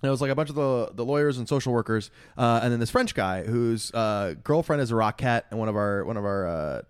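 A man chatting casually on a podcast in a mid-pitched voice, telling a story with rambling asides, fillers and bursts of laughter. The recording is close and dry, with no room sound at all. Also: lively intonation, fast, clean tone, dry recording. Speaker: podcast co-host. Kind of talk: casual sports podcast chat.

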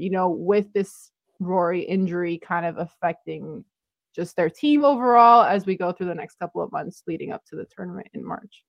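A woman's voice: medium pitch, no echo. A woman in her twenties co-hosting a casual sports podcast, upbeat and chatty, laughing easily. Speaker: podcast co-host.

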